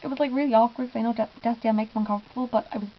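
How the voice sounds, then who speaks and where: Young female vlogger, higher voice, excitable and giggly storytelling, dull home recording. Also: racing. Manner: gushing, giggly, lots of "I was just like". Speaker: fan vlogger. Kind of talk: casual storytelling vlog.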